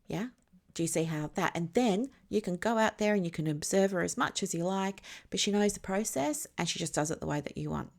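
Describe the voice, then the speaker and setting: Woman mentor, low register, chatty teaching delivery, leans on analogies and comprehension checks. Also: creaky, a little mellow. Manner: explains through extended analogies, often checks if listeners follow. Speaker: business mentor. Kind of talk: casual teaching monologue.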